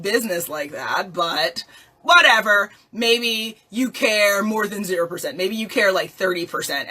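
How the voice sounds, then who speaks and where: Woman, motivational talk, bright voice, animated, laughing, rhetorical. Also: on the high side. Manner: animated, playful, laughs often, asks rhetorical questions. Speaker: life coach.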